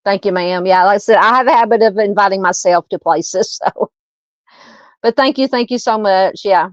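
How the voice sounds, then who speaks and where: A woman's voice: medium pitch, normal speed, no room sound, lo-fi sound. A woman with a Southern accent hosting a true crime livestream, chatting casually, reading viewer comments and thanking them, with many fillers and laughs.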